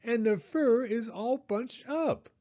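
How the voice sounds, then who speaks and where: A man's voice: very high-pitched, slow pace, mellow, dull audio, pitched above the performer's own voice. A man voicing a huffy mama polar bear in a storybook reading.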